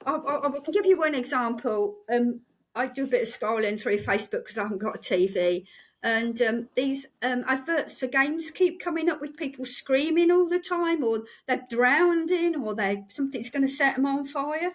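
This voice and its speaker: An older woman, a breathwork therapist, talking in a casual podcast conversation with earnest, halting restarts. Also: high voice.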